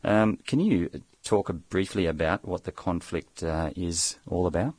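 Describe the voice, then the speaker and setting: A man's voice: low-pitched, unhurried, a little mellow. A man hosting a radio talk show, playful and a bit theatrical. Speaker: radio host. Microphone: studio mic.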